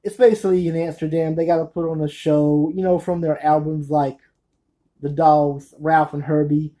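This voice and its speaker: A man's voice: a little high, little pitch movement, normal speed, mellow, low-quality recording. A man talking through his movie collection in a casual, nervous way, rambling and often stopping to correct himself. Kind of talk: casual spoken review.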